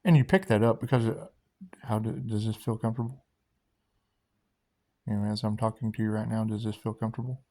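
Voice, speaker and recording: A man hosting a loose, repetitive spiritual monologue, laughing often and swearing, sometimes dropping to a hushed guiding tone. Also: lowish voice, steady tone, brisk, long pauses. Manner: drops to a hushed guiding tone for meditation cues. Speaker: spiritual video host.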